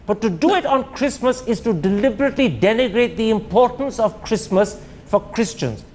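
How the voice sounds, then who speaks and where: A man's voice: high voice, animated, moderate pace, darkish tone, slight background noise. A man hosting a TV debate, pressing guests with pointed questions. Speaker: TV debate host. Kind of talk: combative TV debate.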